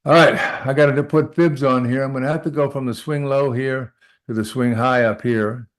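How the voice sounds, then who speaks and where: A man's voice: mid-range voice, steady tone, normal speed. A man teaching a live trading lesson, talking through charts aloud and often checking in with "all right?". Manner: repeats short phrases while working. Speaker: trading instructor.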